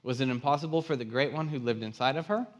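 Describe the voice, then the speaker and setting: A man's voice: mid-range voice, fast. A man preaching as a guest speaker in a church, telling a story and acting out the people's voices. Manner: animated storyteller acting out quotes. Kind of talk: sermon with storytelling. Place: church stage.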